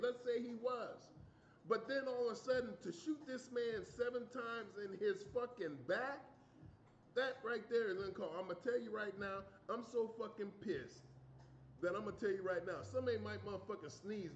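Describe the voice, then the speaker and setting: A man's voice: high voice, a little hiss or hum. A man hosting a livestream, delivering an angry, profane, emphatic rant. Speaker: livestream host. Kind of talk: heated opinion rant. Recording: roomy, dull sound.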